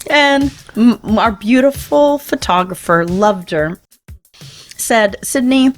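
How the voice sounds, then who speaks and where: A woman co-hosting a podcast, telling a funny story in an animated, laughing way. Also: medium pitch, slow pace, soft background music. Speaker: podcast co-host. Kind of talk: casual chat, storytelling.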